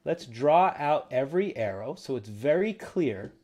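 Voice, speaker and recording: A man's voice: medium pitch, unhurried. Encouraging man teaching ukulele. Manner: relaxed, encouraging, counts beats aloud. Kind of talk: livestream music lesson. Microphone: livestream camera mic.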